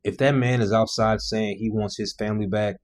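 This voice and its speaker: A man's voice: on the low side, steady tone, fairly quick, a little mellow. A man reacting to video clips with blunt, disapproving commentary.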